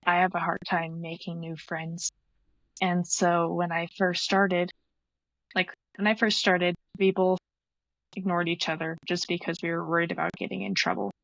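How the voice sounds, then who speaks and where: A woman's voice: on the low side, flat delivery, normal speed, creaky, fairly bright tone, no room sound, highs cut off. A young adult woman guest earnestly retelling a painful past relationship in casual talk, replaying old conversations. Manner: earnest, quotes past conversations, many fillers. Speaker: podcast guest. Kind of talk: personal story, casual retelling.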